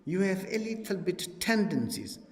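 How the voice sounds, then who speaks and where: Speaking at a normal speed in broken English as a non-native speaker, a high-voiced man teaches dharma at a retreat as a Buddhist teacher. He's lively and laughing, acting out dialogues, and the echoing retreat hall adds long reverb.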